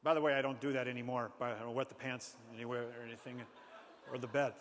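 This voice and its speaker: A man from Minnesota telling a personal story to an audience with animated, self-mocking humor. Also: medium pitch, fast talker, a little hiss or hum. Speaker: speaker. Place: large hall before an audience. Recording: reverberant hall.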